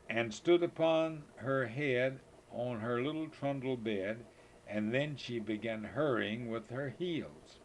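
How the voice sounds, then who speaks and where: A man's voice: medium pitch, darkish tone, a little hiss or hum. An older man, a grandfather, reading children's poems aloud in a sing-song way, now and then slipping and rereading a line.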